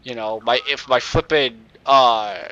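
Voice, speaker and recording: A young man with a nasal voice, rambling excitedly and swearing at the game while he plays and chats on a cheap microphone. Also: mid-range voice, measured pace, no room sound, highs cut off. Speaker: gaming YouTuber. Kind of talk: casual gameplay commentary.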